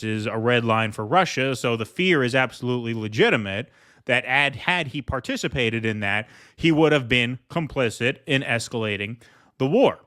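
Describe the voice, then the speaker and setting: A man's voice: medium pitch, pushed and bright. A man hosting a political commentary show, talking sarcastically and mockingly as he reacts to news clips.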